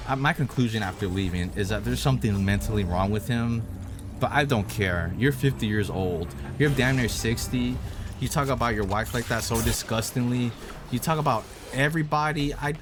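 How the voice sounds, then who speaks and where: In a heated rant full of swearing, this young man vlogs a personal story about a coworker, going over the same points repeatedly. He speaks in a lowish voice against a noisy background.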